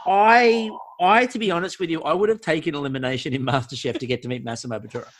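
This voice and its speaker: A man's voice: fairly high pitch, steady tone, fast, slight background noise. A man hosting a podcast, talking in an enthusiastic, theatrical way. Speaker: podcast host. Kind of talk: casual chat.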